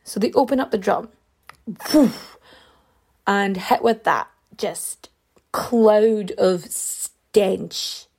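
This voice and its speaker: A woman's voice: mid-range voice, extremely slow, creaky, a little mellow, breathy edge. A woman casually telling a true crime story, rambling with fillers and side remarks. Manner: chatty, rambling, lots of fillers and asides.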